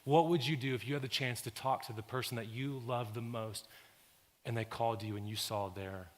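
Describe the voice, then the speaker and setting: A male pastor delivers a sermon in a church sanctuary. His voice sits in a mid register and swells from steady teaching to loud, intense preaching. A long reverb hangs on every phrase. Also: mid-range voice, a little fast.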